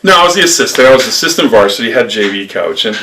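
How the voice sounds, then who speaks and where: An older man from upstate New York, a former lacrosse coach, telling rambling stories in an interview with lively acted quotes. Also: mid-range voice, fast, recorded from a distance, a little hiss or hum. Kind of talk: storytelling interview.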